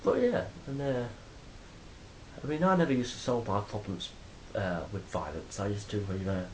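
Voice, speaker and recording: A man's voice: lowish voice, expressive, normal speed, slight background noise, low-quality recording. Rambling man vlogging on a phone. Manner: rambling, swears freely, acts out quoted exchanges loudly. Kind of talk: casual monologue to camera.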